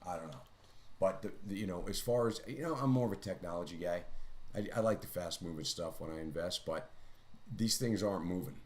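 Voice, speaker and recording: A man with a somewhat low voice hosts a live trading stream. He walks through his charts in casual, rambling commentary and mocks himself now and then in chatty asides. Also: fairly quick, darkish tone.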